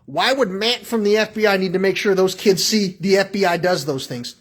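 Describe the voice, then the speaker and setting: A man's voice: sits high, brisk. A man calling in to a radio show with a rambling, agitated, profane rant that jumps between thoughts and acts out little exchanges. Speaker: caller.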